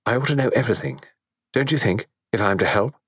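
Brief: male reader doing a soft-spoken, gentle young wife for an audiobook, dry close sound. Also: mid-range voice, animated, fast, breathy edge, no echo, voice pushed up. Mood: probing. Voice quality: soft, quiet. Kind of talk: audiobook character voice.

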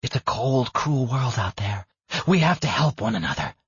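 Male narrator doing a creepy, raspy woman clerk, low and gruff, menacing lectures, dry dull audiobook sound. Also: sing-song, normal speed, no room sound, exaggerated voice. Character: eerie red-haired woman receptionist, unhinged, preachy.

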